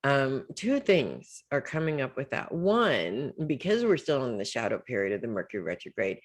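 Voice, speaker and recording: A woman's voice: a bass voice, big pitch swings, moderate pace. A woman giving a weekly psychic reading as casual advice. She talks in a loose, reassuring way and keeps checking in with "okay?" and "right?". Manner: loose and informal, trails off with "blah, blah". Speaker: psychic reader.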